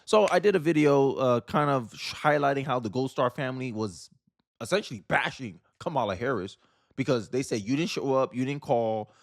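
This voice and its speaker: A man's voice: medium pitch, moderate pace, gravelly, no room sound, studio quality. A man from Florida hosting casual political commentary, talking emphatically with slang and frequent restarts.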